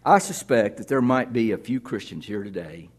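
Husky-voiced male pastor preaching. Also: fairly low pitch, expressive, moderate pace. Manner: conversational preaching, dropping to near-whispers. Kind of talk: sermon to a congregation.

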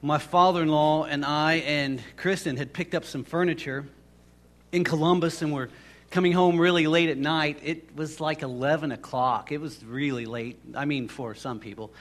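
A man's voice: fairly high pitch, fairly even intonation, moderate pace. A man preaching a casual, storytelling sermon, rambling and conversational with many restarts. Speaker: pastor.

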